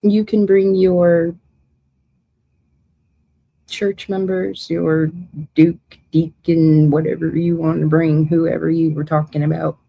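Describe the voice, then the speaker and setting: A woman's voice: deep voice, little pitch movement, takes it slowly, vocal fry, long pauses, highs cut off. A woman hosting a livestream who reads out viewers' comments and answers them with emotion and confrontation. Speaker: livestream host. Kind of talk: casual livestream chat reading viewer comments.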